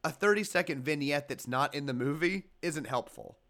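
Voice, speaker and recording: A man's voice: a little high, normal speed, sharp tone. A man co-hosting a movie podcast in casual chat, hesitant and rambling as he shares his opinions. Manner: chatty, hesitant, lots of fillers and restarts. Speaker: podcast co-host.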